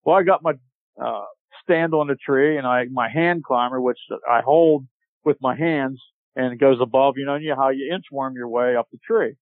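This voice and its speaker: A man telling a long hunting story as a podcast guest, animated and laughing as he goes. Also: mid-range voice, normal speed, dry recording. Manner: animated, laughs while telling, acts out shouted quotes. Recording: tinny dry phone-line audio.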